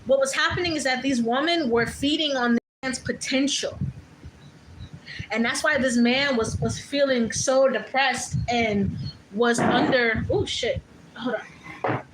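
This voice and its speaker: A woman's voice: high voice, steady tone, measured pace, background noise. A woman doing a casual tarot reading, talking bluntly and loosely, with profanity and many fillers. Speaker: tarot reader.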